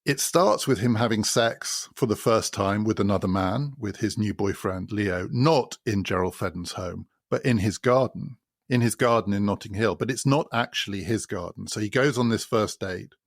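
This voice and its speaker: A man's voice: fairly low pitch, moderate pace, dry recording, clean studio sound. A man hosting a podcast, explaining a novel in a thoughtful way and building his points through repetition. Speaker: podcast host. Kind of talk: spoken literary commentary.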